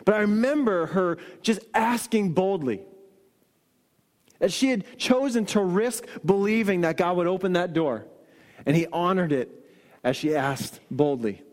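A man delivers a sermon with a notably high voice. He tells stories animatedly and sinks into quiet earnest emphasis. His voice rings with long reverb from a large hall. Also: a little slow. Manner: storytelling, shifts into quoted voices and soft emphatic lines. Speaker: pastor.

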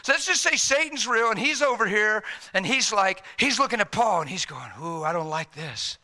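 A man's voice: sits high, a little fast. A male pastor preaching a sermon, telling stories animatedly and acting out voices. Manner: animated storytelling, acts out voices.

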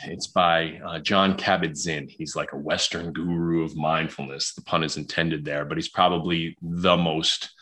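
With a very deep, sharp-toned voice, the podcast guest keeps his intonation fairly even and moves at a moderate pace with hardly any pauses. He's a talkative psychologist from Queens, New York, who tends to repeat words at the start of his sentences during the interview.

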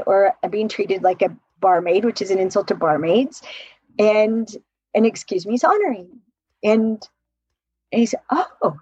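A woman relationship coach telling stories in an animated way, laughing often and acting out quotes in a podcast conversation. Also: medium pitch, husky, no echo, lo-fi sound.

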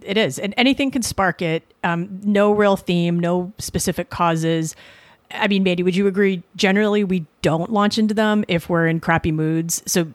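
A woman in her forties from the Boston suburbs co-hosts a comedy podcast, talking in loose, sarcastic banter that rambles and corrects itself. Her voice sits a little low. It is recorded dry and close, with no room echo. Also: moderate pace. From Boston suburbs, USA. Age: 40s. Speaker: podcast co-host.

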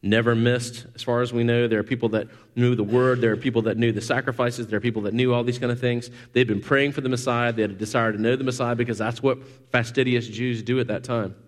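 A man preaching a sermon, animated, rising to loud emphatic peaks and dropping to quiet asides. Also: mid-range voice, fast, hardly any pauses. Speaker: pastor.

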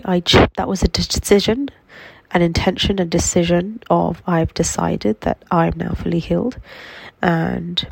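A woman with a cold and a nasal voice, giving a slow, reflective spiritual self-help talk from her bed at home. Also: lowish voice, gravelly, husky, dry recording, poor audio. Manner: slow, reflective, gently affirming. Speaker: healing coach.

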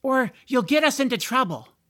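A man voicing a frantic young man who pleads and yells, sometimes oddly formal. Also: very high voice, big pitch swings, moderate pace, no room sound, clean studio sound, pitched above the performer's own voice, exaggerated voice. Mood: flustered. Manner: urgent, yelling.

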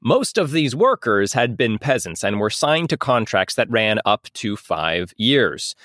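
A man co-hosts a comedy podcast in a loose, rambling way, joking and laughing often. His pitch swings a lot. The recording is dry and close. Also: very animated, unhurried, fairly bright tone, no echo. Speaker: podcast co-host. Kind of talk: casual comedic chat.

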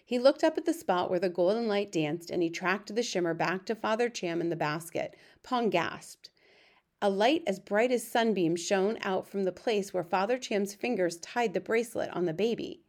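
Woman audiobook narrator, even measured storytelling voice. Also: medium pitch. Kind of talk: scripted narration.

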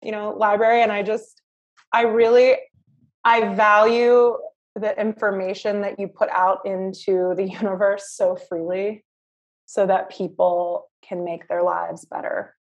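A woman's voice: mid-range voice, little pitch movement, a little slow. A woman podcast guest, emotional and stumbling over her words in casual chat. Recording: dull lo-fi sound.

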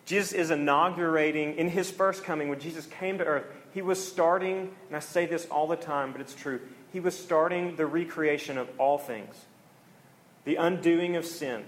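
A man's voice: on the high side, normal speed. A man preaching a conversational, earnest sermon to a congregation, briefly acting out the people in the story.

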